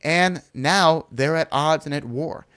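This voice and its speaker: Animated, teasing male podcast host. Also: a little high, slow, clean tone. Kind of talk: casual chat.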